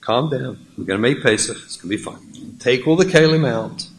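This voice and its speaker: Male lecturer doing a steady young wife giving orders, soothing, lowered voice. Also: brisk, slight background noise, natural voice. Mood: calm, directive. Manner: soothing, instructive. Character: calm practical young wife taking charge.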